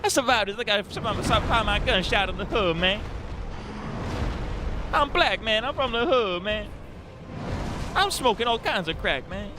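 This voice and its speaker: A man's voice: high voice, animated, moderate pace, pauses often, background noise, voice pushed up. A man voicing a brash, foul-mouthed young tough guy who brags and swears constantly. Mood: boastful. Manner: boastful, swaggering, swears constantly.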